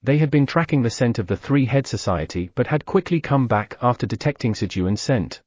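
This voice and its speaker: Lively male audiobook narrator. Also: mid-range voice, fairly quick, no echo, clean studio sound. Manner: steady storytelling read. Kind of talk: scripted narration.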